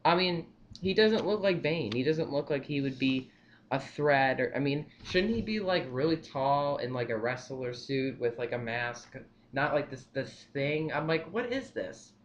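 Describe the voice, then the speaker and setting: A young man giving his movie opinions in a casual vlog, rambling and excitable, repeating himself often. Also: mid-range voice, a little slow, highs cut off, a little hiss or hum. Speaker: vlogger.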